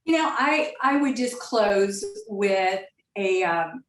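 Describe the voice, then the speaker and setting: Middle-aged woman guest, steady storytelling, roomy sound from afar. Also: medium pitch, a little hiss or hum. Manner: measured storytelling, frequent restarts. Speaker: retired airline captain, guest. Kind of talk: interview answers over a call. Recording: echoey, distant mic.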